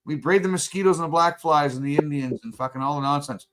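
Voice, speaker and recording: A man's voice: fairly high pitch, quick pace, a bit bright, a little hiss or hum. A middle-aged man from Canada, co-hosting a podcast in casual talk, who rants heatedly and swears constantly. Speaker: podcast co-host. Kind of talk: casual profane rant.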